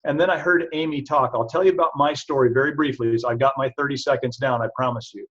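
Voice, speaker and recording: A man, a chiropractor, giving a casual, chatty product talk to an audience, telling stories about himself with animated asides. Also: medium pitch, fast, hardly any pauses. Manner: chatty, self-deprecating, animated storytelling. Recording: dull lo-fi recording.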